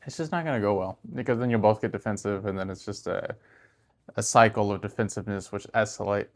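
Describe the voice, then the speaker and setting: A soft-spoken man with a fairly low voice talks casually to the camera and gives relationship advice. He keeps a calm, gentle delivery and often lets his lines fade to a near murmur at the end. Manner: laughs and raises his voice when mimicking an argument.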